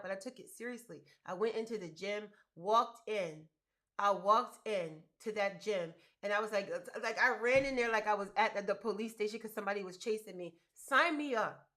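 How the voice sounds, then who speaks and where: A business coach in her fifties hosts a casual livestream, speaking emphatically to her viewers and repeating her key words. Her voice is mid-range with a fairly bright tone.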